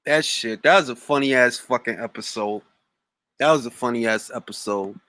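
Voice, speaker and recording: A man's voice: medium pitch, normal speed, pushed and bright, no echo. A man hosting a boxing talk stream, casual, profane and jumping between topics. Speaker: boxing talk show host. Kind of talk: casual livestream chat.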